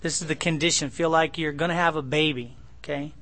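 Middle-aged guy preaching a bible study, chatty and folksy, keeps asking "right? okay?", voice sits a bit high. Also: steady tone, a little fast, few pauses, fairly bright tone. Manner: folksy, conversational, asks the listeners rhetorical questions. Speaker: pastor. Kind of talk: verse-by-verse Bible teaching.

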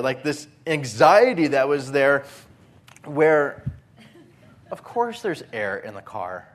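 This sermon comes from a pastor with a mid-range voice who speaks slowly. His storytelling is lively, and he plays out his own moments of panic.

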